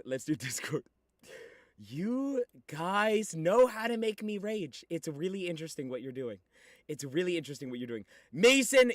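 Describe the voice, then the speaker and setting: A young man livestreaming, chatting casually with viewers in an excitable, teasing way with sudden shouts. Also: on the high side, dry recording, clean studio sound.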